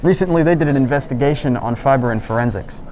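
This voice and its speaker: Teen anchor, quick upbeat read, warm dark voice. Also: male voice, mid-range voice. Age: teens. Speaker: student news anchor. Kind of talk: scripted school news reading. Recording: dull lo-fi sound.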